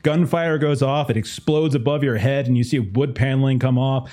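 A man acting as game master, narrating a tabletop game in a vivid, lively way. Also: mid-range voice, normal speed.

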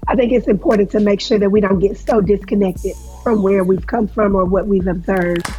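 A female co-host making thoughtful, measured points in a casual talk-show discussion. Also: medium pitch, fairly even intonation, mellow, faint music behind, rough recording.

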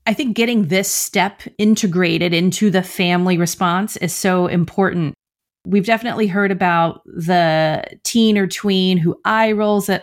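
A woman co-hosting a podcast, lively and chatty, laughing easily and quoting kids in a high voice. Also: normal speed. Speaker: podcast co-host. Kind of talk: podcast conversation.

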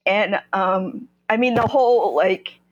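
On a podcast, a New Jersey woman shares her own story openly but haltingly, repeatedly stopping and restarting while searching for words. She speaks at a medium pitch, and the sound is lo-fi.

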